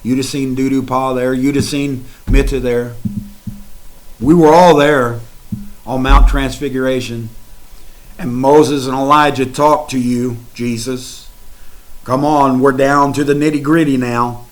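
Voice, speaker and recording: A man preaching a sermon in a dramatic, folksy way, swinging from hushed to loud and speaking straight to his listeners. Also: mid-range voice, fairly even intonation, unhurried, poor audio.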